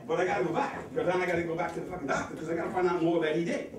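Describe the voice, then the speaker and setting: A nervous man doing a fast, profane stand-up comedy set on a club stage, with the audience laughing behind him. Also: on the high side, recorded from a distance, a crowd in the background. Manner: fast, excitable, profane delivery. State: nervous, sweating. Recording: echoey club audio from afar.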